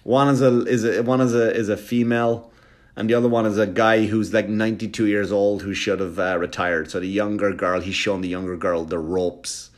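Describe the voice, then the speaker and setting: Fast-talking, profane male comedian. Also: on the low side, little pitch movement. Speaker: stand-up comedian. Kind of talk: stand-up storytelling.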